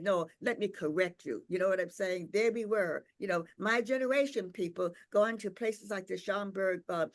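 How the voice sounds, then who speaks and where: Older woman, invited speaker, personal storytelling, reflective, unhurried, lots of "um" and "uh", mid-range voice. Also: mid-range voice. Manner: repeats words and checks in with "right?". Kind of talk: personal storytelling at a tribute gathering.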